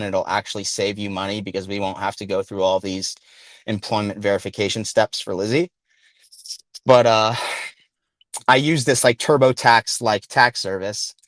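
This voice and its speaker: A man's voice: on the low side, no echo. A stressed man calling in to a podcast, talking casually in long, loose sentences full of fillers. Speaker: caller.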